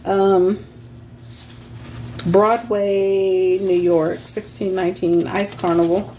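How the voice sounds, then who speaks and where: Woman, unhurried seller's chatter, light room hum behind, laughs between items. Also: medium pitch, level tone, warm tone. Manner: chatty, laughs often, reads titles aloud as she browses. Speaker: online craft seller. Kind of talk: casual show-and-tell sales vlog.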